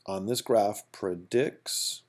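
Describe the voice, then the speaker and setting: Working through calculus at the whiteboard, this teacher keeps it casual, repeating himself and asking "okay?" and "right?" as he goes. His voice is fairly low and he takes things slowly.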